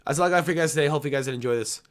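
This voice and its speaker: A man's voice: a little high, very fast. A man hosting a casual fight predictions vlog, talking late at night in a blunt, rambling, profane way. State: late at night, blowing his nose. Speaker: MMA fight predictions host.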